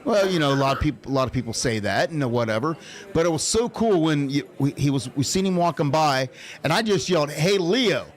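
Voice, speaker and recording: A man's voice: a little high, expressive, a little fast. A man hosting a radio show in casual chat. He tells rambling stories with many restarts. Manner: rambling storyteller, restarts often. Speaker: radio host.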